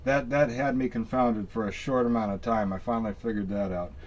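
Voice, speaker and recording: A man's voice: fairly low pitch, steady tone, brisk, highs cut off. A man casually talking through a screen-recorded tech walkthrough, rambling and folksy, full of fillers and restarts. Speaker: tech tutorial maker.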